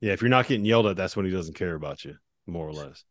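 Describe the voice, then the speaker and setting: A male podcast host with a low voice leads a casual sports interview and recalls game details knowledgeably. His voice sounds dry and close, with no room around it. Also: animated, racing, dry recording.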